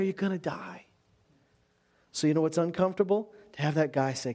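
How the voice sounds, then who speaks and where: A man with a notably high voice preaches a sermon. He speaks with lively, animated conviction and slips into playful, self-deprecating humor between the earnest points. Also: normal speed. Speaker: pastor.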